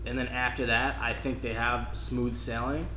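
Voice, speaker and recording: A man's voice: mid-range voice, little pitch movement, moderate pace, bright, forceful tone. A young man co-hosting a casual sports podcast, talking bluntly and ranting with swearing. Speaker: podcast co-host. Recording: echoey room with faint background noise.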